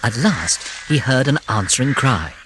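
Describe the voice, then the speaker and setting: An audiobook narrator reading a classic storybook, expressive, with whispered moments of suspense. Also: medium pitch, unhurried, noisy background.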